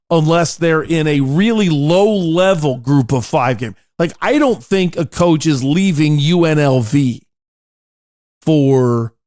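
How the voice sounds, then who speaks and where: A man's voice: a little high, a little mellow, no echo, clean studio sound. Chatty, opinionated male sports podcast host. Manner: chatty, opinionated, jokey asides. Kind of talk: casual sports talk, reading listener emails.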